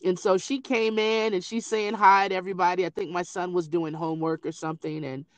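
A middle-aged woman in casual conversation, telling family stories in an animated way. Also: lowish voice, a little fast, no echo. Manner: animated storyteller who acts out quoted voices. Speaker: grieving mother sharing memories.

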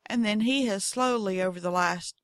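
A woman's voice: medium pitch, moderate pace, clear, resonant tone, dry recording, studio quality. A woman with a Southern accent hosting a podcast, telling goofy, folksy stories in casual monologue. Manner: goofy, folksy, acts out her cats in voices. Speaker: podcast host.

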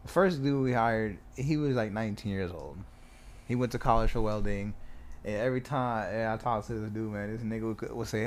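A man telling a story in casual chat, swearing freely and acting out the quotes loudly. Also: on the low side, fairly quick. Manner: animated, swears a lot, acts out quotes loudly.

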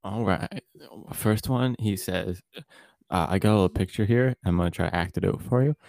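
A man with a very low, dark voice co-hosting a comedy podcast. He stays deadpan and earnest through the jokes. The sound is close and dry. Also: normal speed, creaky, no room sound. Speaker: podcast co-host.

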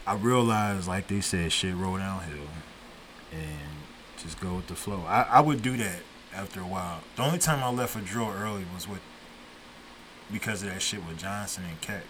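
Low, bright-voiced man telling stories. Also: moderate pace, a little hiss or hum, rough recording. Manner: profane, storytelling, laid-back. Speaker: podcast host. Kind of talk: casual podcast chat.

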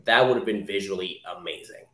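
A young man co-hosting a podcast, chatting excitedly about a movie, swearing freely. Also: deep voice, fast. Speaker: podcast co-host. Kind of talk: casual chat, movie talk. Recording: roomy echo.

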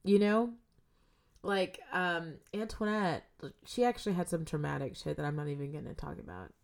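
A young woman, a podcast guest, telling a creepy story in casual chat, swearing freely and swinging from loud bursts to hushed whispers. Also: lowish voice, moderate pace, vocal fry.

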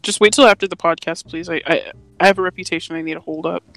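A woman's voice: lowish voice, fairly even intonation, fast, gravelly, a bit bright, no echo. Rambling young woman, dry close mic. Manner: rambling, full of fillers and laughs. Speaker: podcast co-host. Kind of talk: casual chat.

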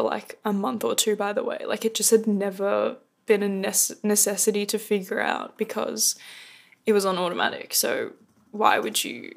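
A woman's voice: mid-range voice, vocal fry. A young woman hosting a casual rant podcast, rambling and self-deprecating on a close microphone. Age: young adult. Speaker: podcast host. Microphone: close podcast mic.

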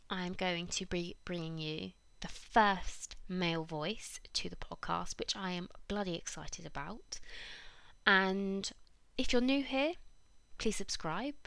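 A woman in her thirties talks straight to her listeners in a chatty, emphatic way, urging them on. Her voice has a gravelly fry under a smooth, resonant tone. The sound is dry and close, with no room around it. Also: on the low side, measured pace, a bit bright, dry recording. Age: 30s. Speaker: podcast host. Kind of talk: solo podcast monologue.

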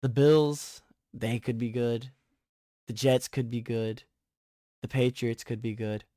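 A young man hosting a casual sports podcast who gets excited, rambles and often restarts his sentences. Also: mid-range voice, slow, no room sound, studio quality. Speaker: podcast host.

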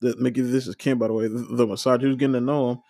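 Man host, casual recap, reads dialogue aloud, mid pitch, dry close mic. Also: flat delivery, very fast, mellow, no room sound. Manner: paraphrases scenes, quotes characters with brief joking asides. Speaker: watch-along podcast host.

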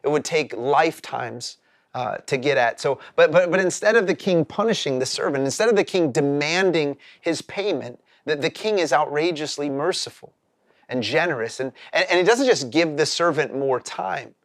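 A man's voice: a little high, animated, moderate pace, no room sound, studio quality. A man preaching a sermon as a pastor, earnest and explanatory, often repeating words as he starts a phrase.

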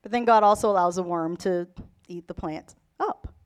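A woman preaching a sermon in an animated storytelling way, acting out the people in her stories. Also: fairly low pitch, moderate pace, clean tone. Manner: animated, storytelling, mimics characters. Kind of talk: lively sermon with acted-out voices.

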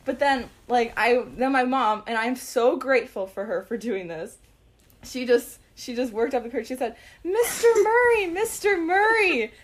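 Young woman, slightly high voice, eager and giggly anecdote teller. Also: normal speed. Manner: excited, giggly, lots of fillers. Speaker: guest telling a story. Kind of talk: casual storytelling.

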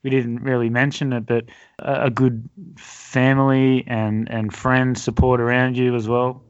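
A man hosting a podcast, asking questions in a relaxed, teasing way. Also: mid-range voice, measured pace, clean tone, no room sound, dull audio. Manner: playful, teasing, laughs along. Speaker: podcast host. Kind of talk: casual podcast interview.

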